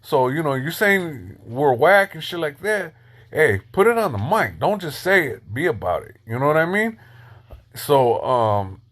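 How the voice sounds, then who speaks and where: A man's voice: fairly high pitch, big pitch swings, unhurried. Middle-aged guy on a live stream telling a story, street slang, lots of ums and you knows. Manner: loose street slang, many fillers, shouts out viewers.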